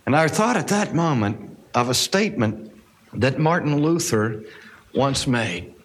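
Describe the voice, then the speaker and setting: A man's voice: mid-range voice, very animated, measured pace, slightly rough. A male minister telling a personal story in a sermon, earnest and reflective, quoting the people he met.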